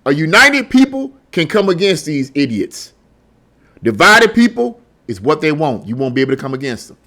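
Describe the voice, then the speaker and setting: A man's voice: on the high side, big pitch swings, normal speed, pushed and bright. A middle-aged man giving blunt, heated solo commentary, often repeating words as he gets worked up. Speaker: political commentary host.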